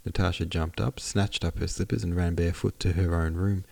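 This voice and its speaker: A man reads a classic novel aloud at a steady, measured pace. His voice is low and gravelly. The close mic leaves no room sound. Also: no echo. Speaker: audiobook narrator, podcast host. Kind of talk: scripted narration of a classic novel.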